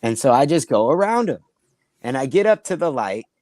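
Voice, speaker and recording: A man's voice: medium pitch, sing-song, brisk, darkish tone, no room sound. A young man who is a comedian, telling rambling, profane anecdotes in casual chat and acting out the quotes. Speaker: comedian, podcast co-host.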